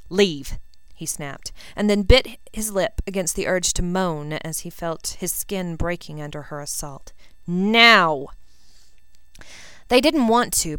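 A woman reads a story aloud at an even, unhurried pace. Her voice is lowish and very smooth, recorded close and dry. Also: no echo. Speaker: reader. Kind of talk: fan fiction audiobook reading.

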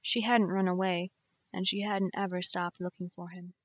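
A woman narrating a novel in an audiobook, reading in a measured, expressive way on a close mic. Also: on the low side, no echo, lo-fi sound.

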